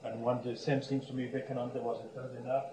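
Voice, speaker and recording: A monk delivers a sermon very fast in a medium, fairly flat voice, telling stories with frequent chuckles and restarts. The recording is roomy and echoey, from a distant mic with a faint hum underneath.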